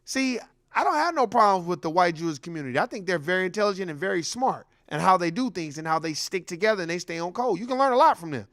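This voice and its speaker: A man's voice: sits high, animated, fast, a bit bright, dry recording, studio quality. A man hosting a commentary show, ranting bluntly and heatedly, telling stories with acted-out quotes. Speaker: host.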